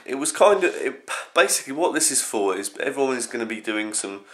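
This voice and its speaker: A young man rambling through a casual early morning vlog at home, his voice groggy and croaky from just getting up. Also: medium pitch, big pitch swings, brisk, fairly bright tone. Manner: rambling, scattered. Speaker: vlogger.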